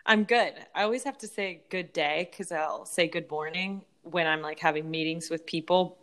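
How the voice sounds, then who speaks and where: A woman's voice: on the low side, moderate pace, a bit bright. A woman co-hosting a casual podcast with her sister, talking in a bubbly, giggly way with lots of "like". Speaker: podcast co-host. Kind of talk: casual chat between sisters.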